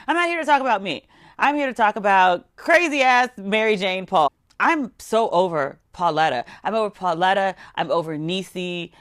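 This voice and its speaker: Sassy woman recapping TV. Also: on the low side. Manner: sassy, blunt, animated with mock quotes. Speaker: TV recap vlogger. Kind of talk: casual comedic TV recap.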